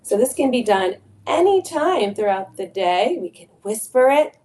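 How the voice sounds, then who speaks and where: Slow, gentle woman guiding kids' meditation. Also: fairly high pitch, sing-song. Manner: slow, gentle, soothing guidance with sung chanting. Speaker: kids' yoga and mindfulness teacher. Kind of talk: guided meditation for children.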